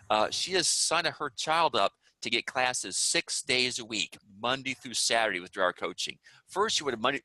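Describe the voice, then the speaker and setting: An upbeat man with a Southern US accent, talking through an online English lesson in a rambling, friendly way. His voice is bright and close, with a dry sound and no room around it. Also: medium pitch, no echo, poor audio. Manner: upbeat, chatty, rambling asides. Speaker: English teacher. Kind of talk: online class chat.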